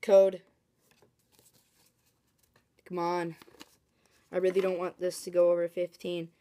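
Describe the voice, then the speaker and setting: Excitable woman opening card packs. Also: on the low side, slow pace. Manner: excitable, chatty, bursts into shrieking excitement. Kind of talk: casual commentary while opening card packs.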